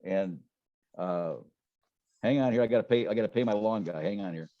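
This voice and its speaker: A man's voice: on the low side, a little fast, dry recording, highs cut off. A man telling business stories in a folksy, casual way, often repeating words and acting out what people said. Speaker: guest. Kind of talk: casual storytelling interview.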